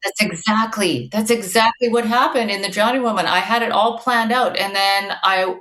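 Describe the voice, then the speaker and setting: A woman's voice: mid-range voice, moderate pace, a bit bright. A woman guest author chatting casually on a podcast. She tells stories with plenty of fillers like "you know" and "um.". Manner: chatty, storytelling with many fillers.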